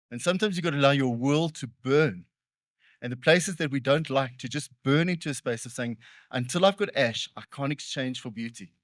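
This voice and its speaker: A male pastor preaching in a relaxed, talk-to-the-congregation way, leaning into earnest points and then undercutting himself with a wry joke. His voice sits at an ordinary middle pitch for a man. The sound is dry and close, with little room echo. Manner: conversational, with joking self-deprecating asides. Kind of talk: sermon.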